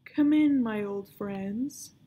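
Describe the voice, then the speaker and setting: A woman reading aloud voices a menacing grown man villain, speaking slowly and grandly. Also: mellow. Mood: gloating. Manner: slow, grand and booming.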